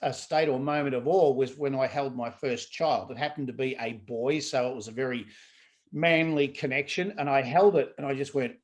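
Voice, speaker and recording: A man who works as a laughter yoga trainer, talking as a guest in a casual conversation in an animated way and acting out what people say. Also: mid-range voice, normal speed.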